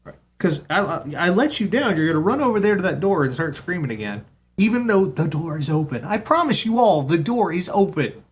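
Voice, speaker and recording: Lively, high-voiced male radio host. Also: a little fast, a little hiss or hum. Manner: chatty, talks to his cat in a soft baby voice. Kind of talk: casual live radio chat.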